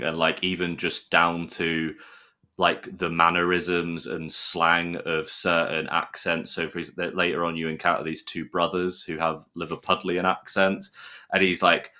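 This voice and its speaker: A man's voice: low voice, flat delivery, measured pace, sharp tone. A man from the United Kingdom with a British accent, chatting enthusiastically as a podcast guest, rambling a little with restarts. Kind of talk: casual podcast chat.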